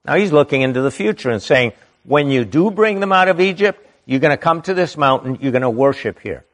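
A man preaching from the Bible, reading verses slowly and deliberately and stopping to add emphatic comments of his own. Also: medium pitch, animated.

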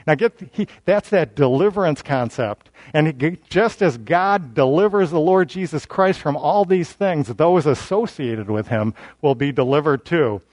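A man's voice: fairly high pitch, animated, measured pace, hardly any pauses, darkish tone, dry recording. Man preaching in a dry, close recording. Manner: conversational, self-deprecating, frequent restarts. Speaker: Bible teacher. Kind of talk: casual verse-by-verse sermon.

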